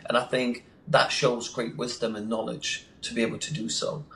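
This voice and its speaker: A man's voice: medium pitch, flat delivery, normal speed, gravelly, bright, forceful tone. Enthusiastic man in an echoey room. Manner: enthusiastic, emphatic, acts out quotes. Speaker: podcast guest. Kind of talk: casual interview chat. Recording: echoey room with faint noise.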